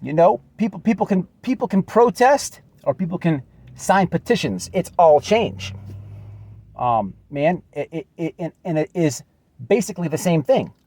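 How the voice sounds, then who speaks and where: A man with a drawl speaks straight to one person in an earnest, repetitive way, circling back to the same points. His voice sits high for a man, and the sound is dry and close with no room around it. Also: lively intonation, moderate pace, dark tone, no echo. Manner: earnest, repetitive, calls listener "man" often. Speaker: channel host. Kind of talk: direct address video message.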